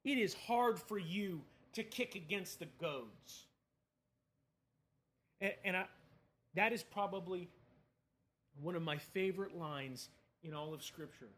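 A man's voice: high voice, slow pace, pauses often, a bit bright. A man preaching a sermon in a conversational, emphatic way, asking the listeners questions.

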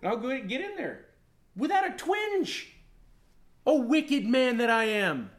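A man in his thirties preaching a sermon as pastor, telling stories with animated, acted-out outbursts. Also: very high-pitched, takes it slowly. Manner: animated storytelling, acts out his own rants.

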